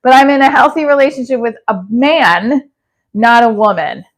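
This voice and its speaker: A woman's voice: fairly high pitch, normal speed. A chatty woman hosts a casual livestream, reading comments aloud and replying off the cuff. Her talk rambles, full of restarts and self-deprecating asides. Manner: chatty, self-deprecating, answers chat mid-sentence with restarts. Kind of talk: rambling casual live chat.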